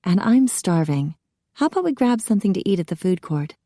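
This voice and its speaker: A woman voicing a bold, quick-witted young heroine in an audiobook, brisk and spirited. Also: fairly low pitch, big pitch swings, warm tone, dry recording, clean studio sound. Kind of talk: audiobook character voice.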